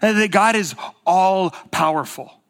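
A male pastor speaks in a sermon with an easy, chatty storytelling flow. His voice sits a little high, and a long reverb trails each phrase through the big sanctuary. He swings from emphatic bursts down to near-whispered quiet. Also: slow pace. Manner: conversational storytelling, rises to emphatic bursts, drops to hushed quiet. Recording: long reverb of a large hall.

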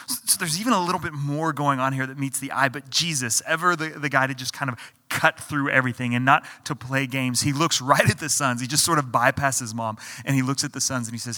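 A man's voice: medium pitch, a little fast, hardly any pauses, sharp tone, in a large hall. A man preaching a conversational sermon as pastor, often stumbling and restarting as he acts out the people in the story. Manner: conversational preaching with repeated restarts and acted-out quotes.

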